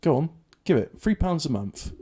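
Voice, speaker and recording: A man hosting casual livestream banter, rambling with a mock sales-pitch delivery into a home computer microphone. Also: very animated, moderate pace, dark tone, slightly rough. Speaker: show host.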